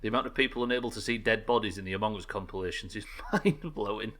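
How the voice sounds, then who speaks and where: An English-accented streamer rants sarcastically through his gameplay, swearing freely. His voice is bright and forceful. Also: fairly low pitch, quick pace. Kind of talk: live gameplay commentary.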